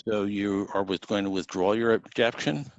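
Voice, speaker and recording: Deep-voiced judge on a dull call. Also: male voice, steady tone, no room sound. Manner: deliberate, formal, instructive. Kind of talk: courtroom proceedings. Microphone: video call. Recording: dull dry video-call audio.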